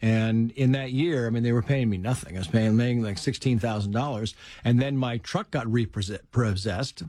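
A middle-aged man telling stories from his life in casual conversation, animated and quick to act out what people said. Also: medium pitch. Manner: animated storyteller who acts out quotes in a raised voice.

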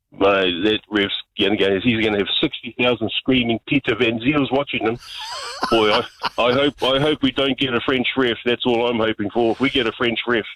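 A man's voice: mid-range voice, a bit bright. A man with a New Zealand accent calling in to a talk radio show, blunt and matey, heard over the phone. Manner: blunt, matey, keeps saying mate. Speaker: caller. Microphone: phone line. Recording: dull lo-fi phone line.

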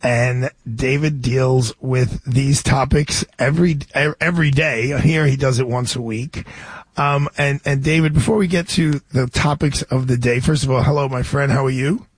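A man's voice: mid-range voice, normal speed, slightly rough, no echo. A man in his sixties hosting a radio talk show, telling a rambling story full of restarts and asides.

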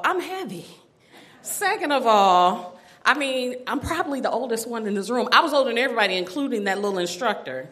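A middle-aged woman telling a personal story to an audience, animated and self-mocking, laughing often. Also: a little high.

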